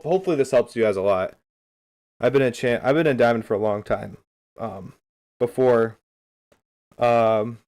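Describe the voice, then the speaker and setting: A man's voice: mid-range voice, darkish tone. A man coaching game replays on a livestream, talking loosely and upbeat straight to his chat. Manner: upbeat, keeps saying beautiful.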